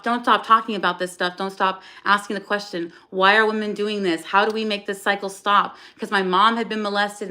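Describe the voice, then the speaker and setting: A woman's voice: mid-range voice, pushed and bright. A woman hosting a livestream from her phone, talking in a raw, blunt and profane way, with frequent restarts. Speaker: livestream host. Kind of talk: emotional livestream monologue.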